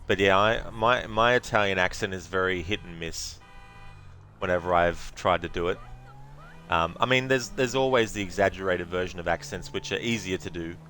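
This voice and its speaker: A man's voice: sits low, moderate pace, pushed and bright. A man hosting a let's play, chatting casually over gameplay with rambling, laughing asides.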